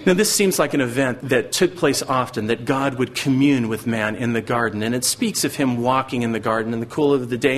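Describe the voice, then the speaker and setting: A man's voice: mid-range voice, brisk, few pauses. A middle-aged man preaching a sermon earnestly, now and then acting out the voices of biblical figures. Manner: earnest, acts out voices of God and Satan. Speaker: pastor.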